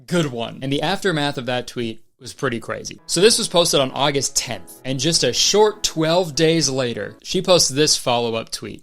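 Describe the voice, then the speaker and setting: A young man giving comedic commentary in a sarcastic, profane, animated rant. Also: medium pitch, moderate pace, creaky, hardly any pauses. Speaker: commentary YouTuber.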